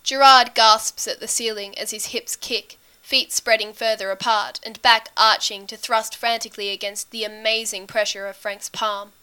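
Bright, clear woman narrating a story. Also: fairly high pitch, fairly even intonation, moderate pace, few pauses. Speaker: reader.

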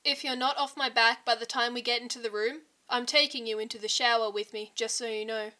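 A woman voicing an exasperated young man who answers curtly and flatly. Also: fairly high pitch, a little fast. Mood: grumpy. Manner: flat, irritated, curt.

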